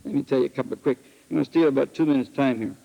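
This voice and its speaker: A man preaching at a retreat, telling folksy stories with animated swings between loud exclamations and quiet asides. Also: medium pitch, rapid-fire, gravelly, muffled recording. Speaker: retreat speaker. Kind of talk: folksy sermon with storytelling. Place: retreat hall. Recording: archival 1968 recording in a hall with long reverb.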